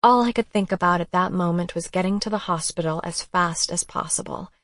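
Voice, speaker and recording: A woman narrating a romance audiobook in the first person, expressive and emotional. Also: fairly low pitch, brisk, no echo, clean studio sound.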